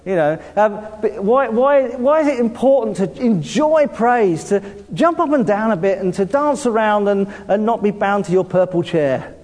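Lively high-voiced preacher in a reverberant hall. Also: male voice, normal speed, few pauses. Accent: southern English. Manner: lively, laughing often, calling out to the congregation. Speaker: pastor. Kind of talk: sermon. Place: church hall. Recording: long reverb of a church hall.

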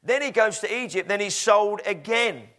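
A man's voice: high voice, expressive, normal speed, fairly bright tone. A man preaching a sermon in a conversational, storytelling way with frequent fillers.

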